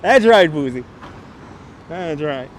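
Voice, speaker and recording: A middle-aged New York man with a light accent speaks slowly and expressively in a slightly high voice. Walking through the city on a livestream, he chats and replies to viewers' comments via a wireless clip-on mic, with faint street noise outdoors.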